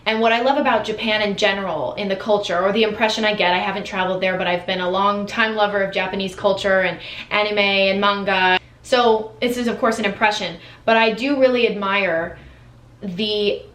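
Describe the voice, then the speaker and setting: A woman's voice: mid-range voice, a bit bright. An American woman vlogger talking casually and enthusiastically to camera, with lots of fillers and restarts. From United States. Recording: echoey room.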